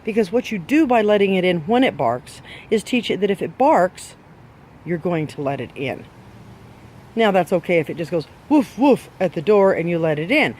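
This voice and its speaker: A man with a notably high voice lectures dog owners in a blunt, scolding tone, firing off rhetorical questions. He talks as a trainer driving home a point. A faint hum of background noise sits under his voice. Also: sing-song, moderate pace, a little mellow. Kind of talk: direct advice talk to dog owners.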